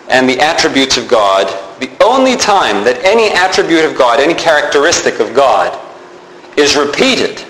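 Guy giving a sermon, kinda high voice, chatty, echoey room w faint hum. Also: fairly bright tone. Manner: conversational, explains with repeated examples. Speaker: pastor.

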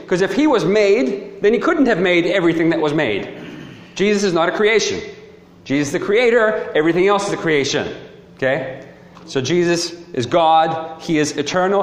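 A man preaching a sermon, reading scripture and arguing his point in an emphatic, lively way with short laughs. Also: a little high, a little hiss or hum. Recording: echoey hall with long reverb.

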